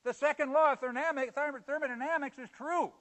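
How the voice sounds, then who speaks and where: A male preacher in full sermon mode, his voice pitched high and ringing bright. He jumps from loud, forceful emphasis to hushed, low asides. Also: steady tone, quick pace, low-quality recording.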